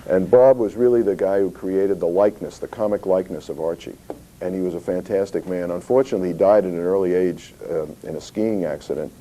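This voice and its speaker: A man's voice: deep voice, a little fast, mellow, poor audio. A man giving an anecdotal public talk about his comics company, telling stories with many fillers and restarts. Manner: storytelling, acts out voices in quotes, many fillers. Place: historical society talk.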